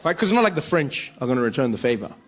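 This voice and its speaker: South African comedian telling stories on stage. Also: male voice, medium pitch, rapid-fire. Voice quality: animated storytelling, playing many voices. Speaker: stand-up comedian. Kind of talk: stand-up comedy. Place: stage in front of a live audience. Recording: live stage recording with faint noise.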